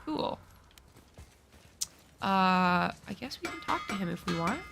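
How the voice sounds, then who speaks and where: A woman's voice: medium pitch, animated, takes it slowly, vocal fry, music in the background. A woman streaming a video game, chatting casually, cursing at enemies and teasing herself about her skills. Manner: chatty, swears at enemies, self-mocking. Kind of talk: casual live-stream gameplay chat.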